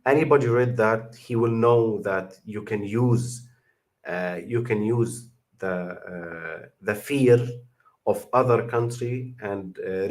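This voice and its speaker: Emphatic English-speaking man. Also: on the low side. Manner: non-native English with many fillers and restarts, emphatic. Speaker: channel host reacting to a video. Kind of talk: casual livestream commentary.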